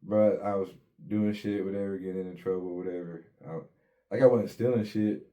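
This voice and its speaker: A man with a deep, mellow voice recounts his own life in an interview. His talk is easygoing street slang, peppered with curses. He slips into quoted dialogue as he tells it. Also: steady tone, a little fast, muffled recording. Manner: laid-back street slang, swears often, acts out quotes. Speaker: guest telling his life story. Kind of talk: casual storytelling interview.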